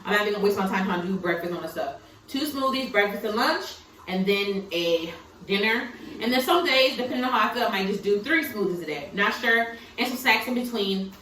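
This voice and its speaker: A woman's voice: medium pitch, expressive, brisk, pushed and bright, slight background noise. A tearful young woman talking candidly and emphatically in a confessional vlog, laughing through her tears. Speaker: vlogger. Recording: roomy sound from some distance, faint background ambience.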